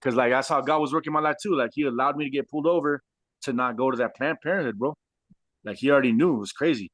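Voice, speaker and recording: A man from Southern California, a guest telling his life story in casual, animated speech, full of street slang and constant "bro.". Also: mid-range voice, fast, dry recording.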